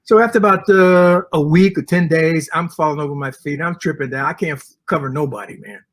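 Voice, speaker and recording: An older man with a slightly husky, higher-pitched voice tells stories with relish, acting out the people he quotes. He sounds like an interview guest at a convention. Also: a little fast. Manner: animated storyteller acting out quotes. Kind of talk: storytelling interview. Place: comic convention.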